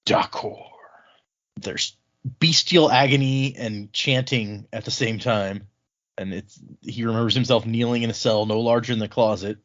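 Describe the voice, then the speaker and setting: A man's voice: medium pitch, fairly even intonation, fairly bright tone, dull audio. Man casually recapping a book. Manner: recaps the plot, acting out characters in quick asides. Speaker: podcast host. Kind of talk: casual book-club chat.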